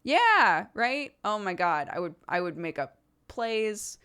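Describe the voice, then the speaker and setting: A woman's voice: medium pitch, sing-song, slow, bright, forceful tone, smooth. A young adult woman streamer chatting casually, theatrical and self-deprecating, often laughing and acting out quotes. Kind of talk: casual chat.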